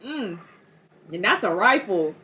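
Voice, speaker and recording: Young woman reacting to a movie, super expressive, pitch all over the place, lots of background hiss. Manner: animated, laughs often, acts out characters in quick impressions. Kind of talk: casual movie reaction commentary. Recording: steady background noise.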